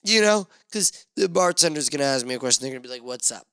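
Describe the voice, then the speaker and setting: A man hosting a solo podcast, rambling and swearing through self-mocking rants with sudden loud outbursts into a studio mic. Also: medium pitch, expressive, fast talker, clean tone, no room sound. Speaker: podcast host.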